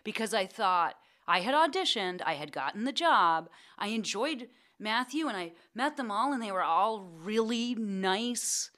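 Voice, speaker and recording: A middle-aged woman guest in a casual interview. She tells stories in a bright, forceful voice. She brings her quotes to life in an animated way. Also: a little slow, hardly any pauses. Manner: animated, acts out quotes in a high excited voice. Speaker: guest actor.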